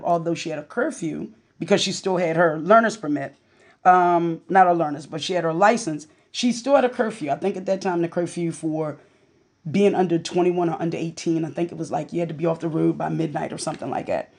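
A woman's voice: lowish voice, darkish tone. A woman hosting a talk podcast, telling a candid personal story about her family in a casual, conversational way. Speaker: podcast host.

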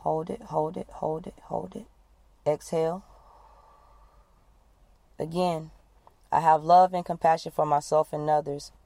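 A woman coach leading listeners through a guided breathing exercise, giving calm, repeated instructions. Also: low-pitched, measured pace, vocal fry, long pauses, dry recording. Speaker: wellness coach.

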